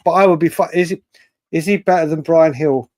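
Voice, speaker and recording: A man hosting a late-night fan livestream, chatting excitably and reading out viewer comments. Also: on the high side, brisk, dry recording. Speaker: livestream host.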